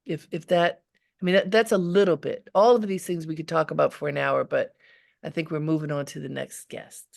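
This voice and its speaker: A woman leadership coach giving measured, emphatic advice in a live webinar, speaking from deep in her chest. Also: steady tone, gravelly, a little mellow. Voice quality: grounded low voice. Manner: measured, emphatic, repeats key phrases.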